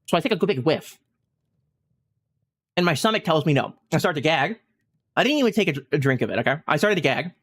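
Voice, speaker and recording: A man's voice: a little high, fast, pauses often. A man telling a funny story in casual chat while streaming a game. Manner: animated anecdote-telling, often breaking into laughter. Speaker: gaming streamer.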